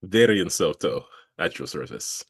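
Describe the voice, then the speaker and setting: A man's voice: low voice, sing-song, a little slow, husky, full character voice. Man doing a gallant accented adventurer. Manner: gallant, formal. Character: courtly male adventurer with accent.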